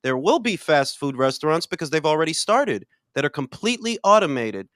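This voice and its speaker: Loud, lively older man hosting boxing talk. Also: fairly high pitch, fairly quick, dry recording, clean studio sound. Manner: loud, profane, swings between shouting and muttering. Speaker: boxing podcast host. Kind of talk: casual chat.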